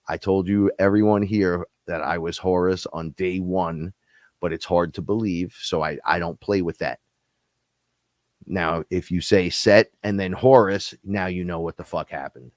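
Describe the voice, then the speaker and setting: Deep-voiced man, rambling and profane. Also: moderate pace, no echo. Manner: rambling, profane, animated storytelling. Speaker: host. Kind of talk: casual spiritual talk-show monologue.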